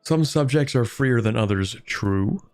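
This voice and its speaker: A man's voice: mid-range voice, animated, unhurried, darkish tone, clear, resonant tone. A man streaming a strategy game, chatting casually, thinking aloud and answering viewers' questions. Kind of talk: casual gameplay commentary.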